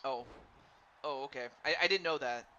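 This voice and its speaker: A man doing live play-by-play commentary on a wrestling game for a stream, excitable and stumbling over his words while chatting with viewers. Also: mid-range voice, moderate pace. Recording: dull lo-fi stream mic with faint noise.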